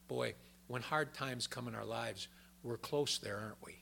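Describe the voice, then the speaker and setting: An older man preaching a sermon in a folksy, conversational way, telling personal stories, with a gravelly voice. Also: medium pitch, animated, unhurried, long pauses, a bit bright.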